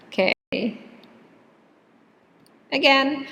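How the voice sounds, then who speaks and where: A woman teaching an English lesson, speaking example sentences slowly and deliberately, with hesitant fillers between points. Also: mid-range voice. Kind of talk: recorded classroom lesson. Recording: faint room reverb and background hiss.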